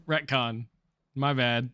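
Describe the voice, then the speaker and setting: A man's voice: mid-range voice, noisy background. A man narrating as dungeon master in a casual, joking way, often correcting himself. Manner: casual, laughing, self-correcting. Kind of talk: narrating a tabletop game.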